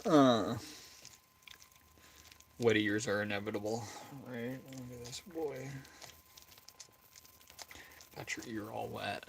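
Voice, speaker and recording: A man with a gravelly, fry-laced voice drawls slowly through a loose, rambling livestream chat. He jokes and talks to his dog, his speech unhurried, with a faint hiss of noise underneath. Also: medium pitch, steady tone, poor audio.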